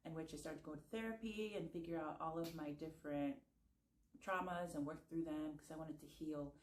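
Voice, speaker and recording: A woman's voice: low-pitched, darkish tone, slight background noise. A young adult woman telling a personal story in a candid, reflective way in a casual vlog. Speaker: vlogger. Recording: roomy echo.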